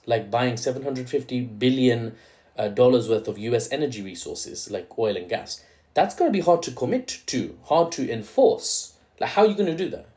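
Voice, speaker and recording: A man's voice: medium pitch, dark tone. A man hosting solo geopolitics commentary, casual and analytical, checking in with "right?" after his points and adding playful asides.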